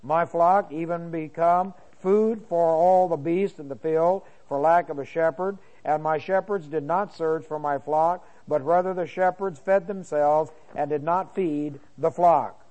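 A man's voice: fairly high pitch, fairly even intonation, measured pace, few pauses, a little mellow, muffled recording. A man as pastor teaching a sermon verse by verse, reading scripture aloud and breaking in with comments, with many fillers and restarts.

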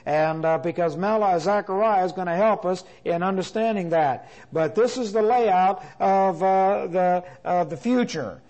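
A man teaching a Bible class in a lecture style, deliberate, restating his points with frequent "uh" fillers. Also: high-pitched, darkish tone, dull audio.

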